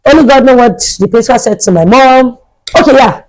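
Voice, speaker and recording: A woman's voice: a little high, a little fast, darkish tone, poor audio. A young adult woman, a vlogger telling a storytime tale in a chatty way and repeating herself for emphasis. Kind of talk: storytime vlog.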